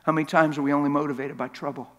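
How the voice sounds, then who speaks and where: A man's voice: on the high side, fairly even intonation, rapid-fire. A man preaching a sermon as a pastor, impassioned and acting out little scenes and voices as he talks. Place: large church hall. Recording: long church hall reverb.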